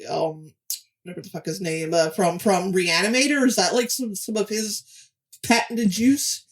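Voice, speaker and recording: A woman's voice: medium pitch, steady tone. A woman cohosting a podcast in casual chat, often hesitating and restarting her sentences. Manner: halting, with many fillers and restarts. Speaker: podcast co-host.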